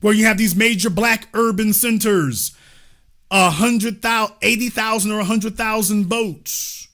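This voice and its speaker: Bright-voiced sarcastic male streamer. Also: sits high, steady tone, a little slow. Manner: sarcastic, mocking. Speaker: livestream political show host. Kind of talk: livestream commentary.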